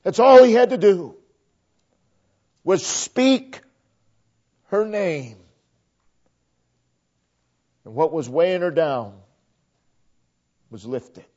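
A man preaching a sermon, dramatic and repetitive, swinging between loud emphasis and hushed near-whispers. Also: high-pitched, drawn-out words, long pauses. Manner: repeats phrases for emphasis. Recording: dull lo-fi recording.

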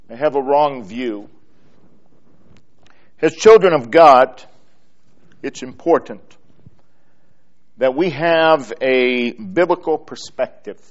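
A man preaching a sermon, reading scripture aloud with slow, deliberate pauses and emphatic repetition. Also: medium pitch. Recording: dull lo-fi sermon recording.

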